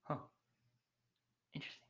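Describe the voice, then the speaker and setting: A young man hosting a worship livestream in casual chat, excitable and thinking aloud with plenty of fillers. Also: moderate pace.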